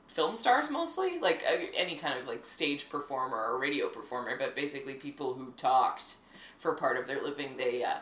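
A woman co-hosting a casual chat podcast, animated and swearing freely, with bursts of jokey posh voices. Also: deep voice, reverberant. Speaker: podcast co-host.

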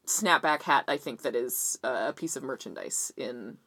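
A woman's voice: very deep voice, normal speed, fairly bright tone, breathy edge. A woman hosting a casual podcast chat, playful and joking as she asks questions. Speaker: podcast host.

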